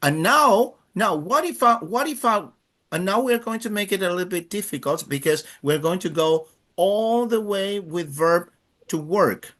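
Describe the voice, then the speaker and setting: A man's voice: sits high, lively intonation, unhurried, fairly bright tone. A man teaching a live Spanish class, drilling students by counting in and praising each answer.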